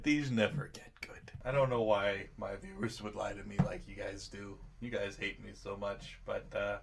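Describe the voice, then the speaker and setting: A man's voice: fairly low pitch, level tone, moderate pace, gravelly, husky, soft background music. A man doing a comedic drunk film review, tipsy, sarcastic and crude, laughing at his own jokes.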